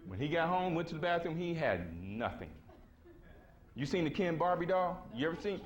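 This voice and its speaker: A man's voice: on the high side, very animated, brisk. A man speaking at a conference. He tells stories to a live audience in blunt, slangy, emphatic talk and acts out the voices he quotes. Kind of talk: casual storytelling lecture to a live audience. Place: conference hall before an audience.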